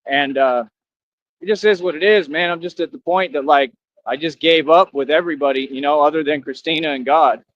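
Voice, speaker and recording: A man's voice: a little high, fairly quick, fairly bright tone, a little hiss or hum. A man talking to his viewers in a rambling, defiant, preachy monologue, repeating himself. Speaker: streamer. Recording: dull lo-fi sound.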